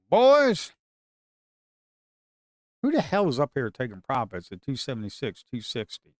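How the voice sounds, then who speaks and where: A man, commenting live on his own futures trades. He swings from shouting at the market to muttering to himself. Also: fairly high pitch, dry recording, clean studio sound. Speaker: live trading streamer.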